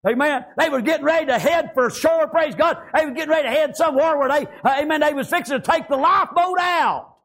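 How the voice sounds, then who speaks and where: A man's voice: extremely high pitch, quick pace, a bit bright. A man preaching a fervent sermon, peppering his speech with amens and praise Gods.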